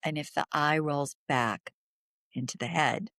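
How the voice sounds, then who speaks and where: Middle-aged woman, interview guest, earnest halting storytelling, low voice, dry close sound. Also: vocal fry, fairly bright tone, dry recording. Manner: earnest, halting, drops to a whisper at emotional moments. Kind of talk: personal storytelling in a podcast interview.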